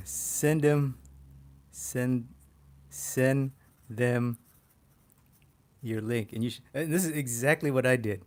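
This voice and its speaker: Male art instructor on a livestream, mid pitch, excitable and profane. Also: takes it slowly, creaky, pauses often. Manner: excitable, swears casually, laughs often. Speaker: poster artist teaching a livestream. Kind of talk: casual livestream tutorial.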